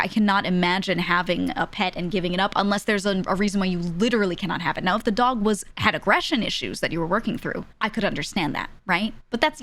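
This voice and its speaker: A young woman streamer telling a story in a casual, animated way, often laughing and acting out the people she quotes. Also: medium pitch.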